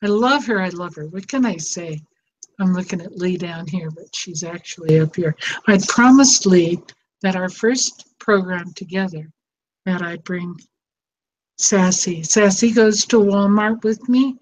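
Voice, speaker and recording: An older woman who hosts a show as a psychotherapist speaks at a measured pace in a lowish voice. Her casual, heartfelt talk is emotional, tender, and rambling. The recording is dull and lo-fi with faint noise.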